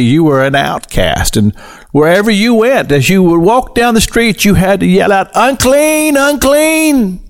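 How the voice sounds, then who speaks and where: A middle-aged male pastor giving a radio sermon, slow and deliberate, building to emphatic highs as he tells the story. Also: gravelly.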